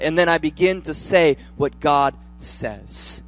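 A young male pastor preaches to a church congregation in a high voice. He talks in an easy, joking way and then builds into loud, fervent declarations. Soft music plays faintly behind him. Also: expressive, takes it slowly, no room sound. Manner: humorous, conversational preaching that builds to loud fervor. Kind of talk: sermon.

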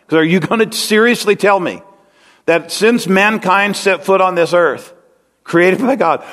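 A man's voice: high-pitched, fairly bright tone. A man preaching a conversational, rambling sermon to his congregation, often asking them questions. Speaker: pastor. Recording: long hall reverb.

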